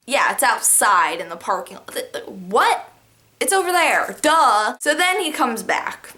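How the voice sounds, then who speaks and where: Young woman vlogger, bright, high, bouncy delivery, chatty storyteller who giggles a lot. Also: measured pace. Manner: animated, laughing, lots of "like" fillers. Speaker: YouTuber telling stories. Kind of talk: casual storytime vlog.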